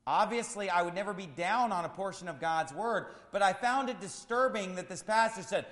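A male pastor preaching an impassioned sermon, swinging between loud shouts and quiet, low asides. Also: brisk. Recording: long hall reverb.

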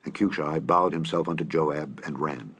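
A man reading scripture aloud in a measured, solemn manner. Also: extremely low pitch, fairly bright tone, husky. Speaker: scripture reader.

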